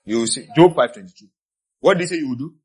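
A man preaching a sermon with passion. He swings between quiet asides and shouted peaks, and he repeats key phrases for emphasis. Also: medium pitch, animated, fast, a crowd in the background. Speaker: pastor.

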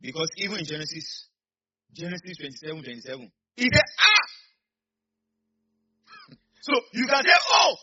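A man preaching a sermon as a pastor, animated and calling out to his congregation. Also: on the high side, quick pace, husky, dull audio. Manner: animated, call-and-response preaching.

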